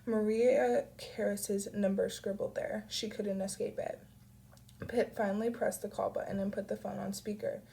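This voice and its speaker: A woman reads a novel aloud in a steady, quiet way. She has a cold, and her voice carries a gravelly, creaky texture. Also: mid-range voice, moderate pace, poor audio. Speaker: audiobook reader. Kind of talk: audiobook narration.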